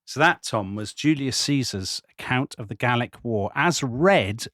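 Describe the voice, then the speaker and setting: A man's voice: mid-range voice, expressive, measured pace, fairly bright tone, no echo. Man chatting about history, dry sound. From Britain. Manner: reads history aloud dramatically, then jokes and chats. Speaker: podcast co-host. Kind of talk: casual history podcast chat.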